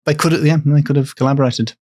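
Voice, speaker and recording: A man co-hosting a podcast, telling a folklore tale in a conversational way with wry, deadpan jokes. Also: fairly high pitch, quick pace. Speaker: podcast co-host and storyteller.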